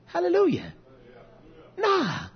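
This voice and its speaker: A man preaching as pastor, telling stories and quoting himself in an animated way. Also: extremely high pitch, slow, highs cut off. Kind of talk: sermon.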